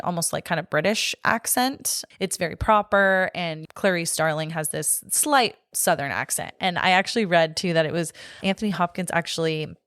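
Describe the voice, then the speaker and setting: A woman's voice: lowish voice, a bit bright, no echo, clean studio sound. A young adult woman co-hosting a podcast, talking casually about a movie with lots of filler likes and the odd swear word. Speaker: podcast co-host. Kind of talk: casual film chat.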